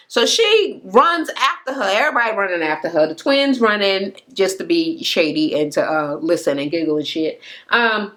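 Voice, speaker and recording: A woman's voice: medium pitch, lively intonation, moderate pace, sharp tone. A young woman casually recapping a reality show in a chatty, gossipy way, full of fillers and swearing.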